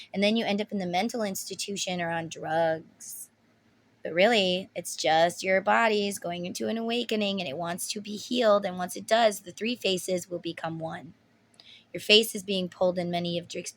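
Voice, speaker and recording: A woman in her thirties speaks bluntly in a casual tarot reading. She gets emotional and swears freely. Her voice has a bright, sharp edge. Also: medium pitch. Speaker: tarot reader.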